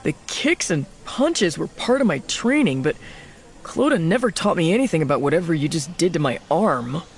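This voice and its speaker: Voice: medium pitch, sing-song, moderate pace. A narrator voicing a nervous, earnest young male spy in an audiobook, pleading and a little aggrieved. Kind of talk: audiobook character voice.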